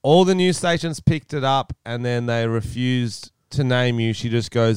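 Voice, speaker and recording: Australian guy, 30s, podcast co-host, animated storyteller who swears freely, smooth resonant voice, dry close mic. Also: medium pitch, a little slow, no room sound. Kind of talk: casual podcast chat.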